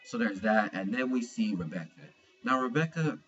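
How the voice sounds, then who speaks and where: A man's voice: mid-range voice, expressive, moderate pace, fairly bright tone, highs cut off, soft background music. A young man giving a casual manga chapter review, slangy and profane, retelling scenes with animation.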